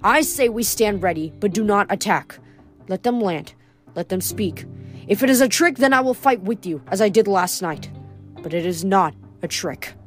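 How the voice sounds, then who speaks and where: A woman's voice: mid-range voice, normal speed, soft background music, natural voice. Woman voicing a firm teenage boy leader. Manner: firm, even delivery.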